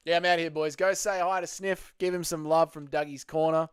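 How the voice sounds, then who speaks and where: A man's voice: fairly high pitch, fairly quick, few pauses, smooth, no room sound, studio quality. A man hosting a casual livestream, chatting loosely with his viewers and swearing freely. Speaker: livestream host.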